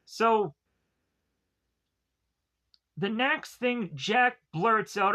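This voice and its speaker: A man's voice: high-pitched, sing-song, very slow, pauses often, sharp tone. A man casually recapping a TV episode, rambling with many fillers and quoting the characters in passing.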